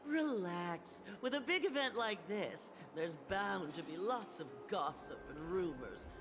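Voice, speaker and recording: A woman's voice: fairly low pitch, lively intonation, a little slow, over music. An actress voicing a boastful young woman who speaks in a breezy, self-assured way.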